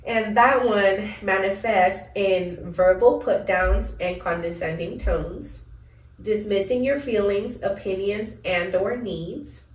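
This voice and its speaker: Woman telling stories in a roomy, distant sound. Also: mid-range voice. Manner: animated storyteller, laughs often. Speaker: podcast co-host. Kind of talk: casual chat.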